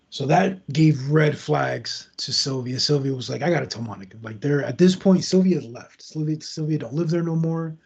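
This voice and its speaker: A podcast host tells a true crime story loosely and conversationally, tossing in asides as he goes. His voice is fairly high for a man but dark and husky with a gravelly edge, moving at a moderate pace with hardly any pauses, and the recording sounds dull and lo-fi.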